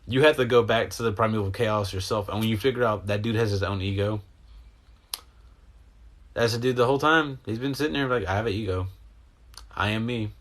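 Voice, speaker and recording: A man with a somewhat low voice talks in a casual, meandering monologue. He drifts from thought to thought, swearing freely and speaking with open emotion. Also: fairly quick, a bit bright. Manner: meandering, profane, emotional stream of consciousness. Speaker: host. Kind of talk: rambling spiritual monologue.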